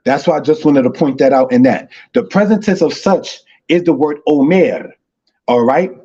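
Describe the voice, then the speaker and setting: A man teaching Hebrew in an online lesson, with a dark, husky voice. He repeats himself often and addresses his listeners as brothers and sisters. The sound is dull and lo-fi, like a live stream. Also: a little high, expressive, moderate pace.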